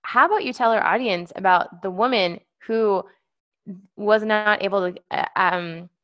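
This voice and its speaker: A woman's voice: mid-range voice, lo-fi sound. Indignant woman podcast co-host. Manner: indignant, quick restarts, talks over partner. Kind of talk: casual political podcast chat. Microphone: remote call with feedback.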